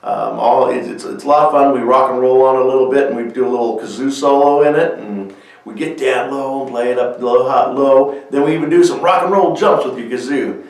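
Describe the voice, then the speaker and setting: A man's voice: medium pitch, fairly quick, darkish tone. Male kids' show host, friendly step-by-step craft demo, recorded far off mic in a very echoey room. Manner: friendly step-by-step explaining with fillers. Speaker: children's music show host. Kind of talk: craft demonstration for kids.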